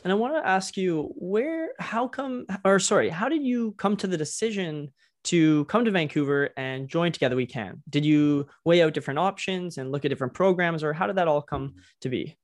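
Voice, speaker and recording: A man's voice: on the high side, expressive, normal speed. A man interviewing a guest, asking polite questions and correcting himself as he goes.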